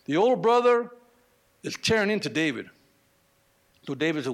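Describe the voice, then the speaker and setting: A man preaching a sermon, animated, with slangy asides and acted-out quotes. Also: a little high, moderate pace, long pauses. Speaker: pastor.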